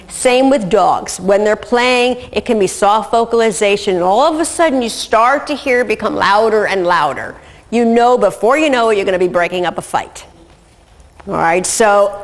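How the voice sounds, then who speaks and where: A woman's voice: medium pitch, big-room sound. A woman giving a recorded lecture as an instructor, methodical and often checking in with "okay".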